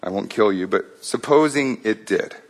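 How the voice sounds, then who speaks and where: A man voicing a stern male angel who speaks slowly, calmly and firmly. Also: on the low side. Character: stern fiery male angel, calm and relentless.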